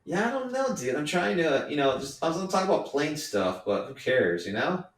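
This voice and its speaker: A man's voice: fairly high pitch, sing-song, a little fast. Laid-back young man in an echoey room. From California. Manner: laid-back, rambling, jokey. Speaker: podcast co-host. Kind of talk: casual comedic chat.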